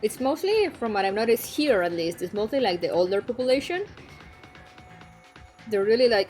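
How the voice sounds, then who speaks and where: A young woman streaming and chatting casually, frank and quick to swear, laughing often. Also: a little high, big pitch swings, a little mellow. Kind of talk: casual chat. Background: faint background music.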